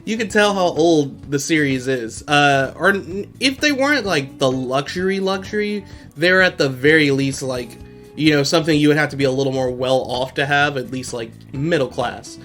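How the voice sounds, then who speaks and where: A man's voice: fairly high pitch, moderate pace, fairly bright tone, faint music behind. A man hosting a podcast, casually recapping an episode in slangy talk and laughing often. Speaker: podcast host.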